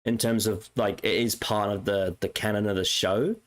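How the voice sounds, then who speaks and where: A man's voice: fairly low pitch, fairly even intonation, normal speed. A man co-hosting a casual podcast chat. He is hesitant and restarts often when giving his opinions. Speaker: podcast co-host.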